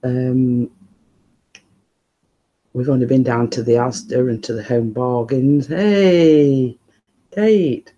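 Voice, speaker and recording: A man chats on a live stream at home, keeping his voice down as he rambles on to viewers. He talks slowly, his tone mellow and unhurried, captured on a phone. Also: medium pitch, fairly even intonation. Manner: talking quietly, rambling and chatty. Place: living room at home, indoors.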